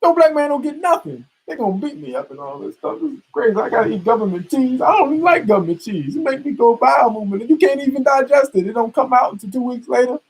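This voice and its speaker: A man putting on the voice of a whining, self-pitying grown man, in exaggerated mockery, his voice high and husky. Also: lively intonation, quick pace, hardly any pauses, exaggerated voice, poor audio. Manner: whiny, complaining, exaggerated mocking.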